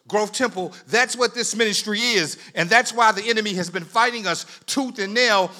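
High, bright-voiced fervent male preacher. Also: normal speed, hardly any pauses. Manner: preaching with rising fervor, repeating words, shouting at climaxes. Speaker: pastor. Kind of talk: sermon. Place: church sanctuary.

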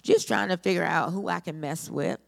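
A woman's voice: lowish voice, moderate pace, gravelly. Woman voicing a sly, boastful devil. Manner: casual, boastful street talk. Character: sly male devil looking for trouble.

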